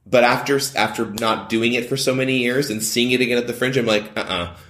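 A man's voice: medium pitch, steady tone, a little fast, a bit bright. A man, a playwright and director, talking casually in an interview, rambling with many restarts. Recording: echoey room.

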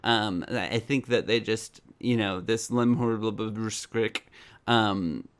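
A man's voice: on the low side, slow pace, smooth. A young man co-hosting a comedy podcast, rambling and giggly with frequent restarts. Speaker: podcast co-host. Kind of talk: casual comedic chat.

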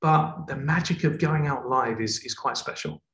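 Expressive male presenter, echoey room. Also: mid-range voice, normal speed, vocal fry. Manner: expressive, varies tone for emphasis. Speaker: TV presenter, guest. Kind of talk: explaining presenting technique in a conversation.

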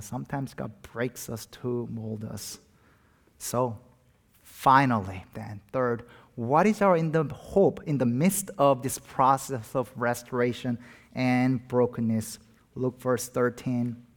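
A middle-aged man delivers a sermon in a mid-pitched voice. He speaks earnestly and pushes into loud, emphatic swells on his key points. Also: a little slow. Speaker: pastor.

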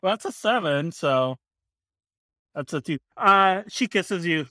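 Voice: medium pitch, lively intonation, slow, pushed and bright, dry recording, studio quality. A player narrating a tabletop game scene in a rambling, hesitant way, full of filler words.

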